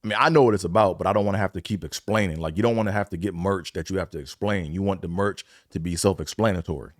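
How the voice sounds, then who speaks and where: Talking quickly in a low-sitting voice, a podcast host rambles through his solo show in slangy, conversational bursts, repeating things often. The studio-quality recording has no echo.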